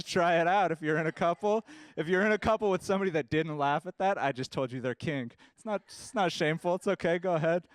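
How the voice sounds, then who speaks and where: A man's voice: mid-range voice, no room sound. A man performing a rambling, self-deprecating stand-up comedy set on a club stage.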